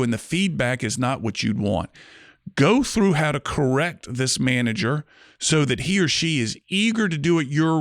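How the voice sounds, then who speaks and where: A man hosting an interview podcast, asking questions in a measured, conversational way. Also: mid-range voice, dry recording, studio quality. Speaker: podcast host.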